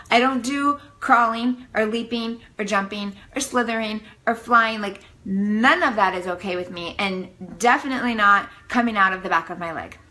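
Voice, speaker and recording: A woman vlogging to her viewers, telling a story in a dramatic, animated way full of "like". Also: mid-range voice, normal speed, few pauses, rough recording. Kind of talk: casual storytelling to camera.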